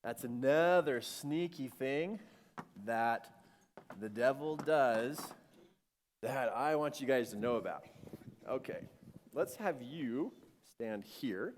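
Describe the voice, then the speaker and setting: A man giving an animated storytelling sermon to a live audience and acting out the voices in his story. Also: mid-range voice, slow, pauses often. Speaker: speaker. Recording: long-reverb hall.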